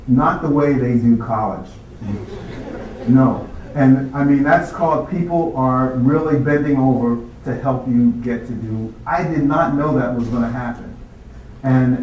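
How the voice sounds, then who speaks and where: Man, storyteller, animated, acts out other people's voices, recorded from far off in a big echoing hall with faint room noise. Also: medium pitch, lo-fi sound. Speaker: speaker telling his life story. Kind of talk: storytelling talk.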